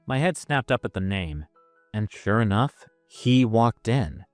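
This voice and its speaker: A man tells a first-person story in a casual, self-mocking way. His voice is on the low side but rises and falls with plenty of life. The recording is dry and close, with faint music beneath. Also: animated, measured pace, no room sound. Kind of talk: first-person scripted narration.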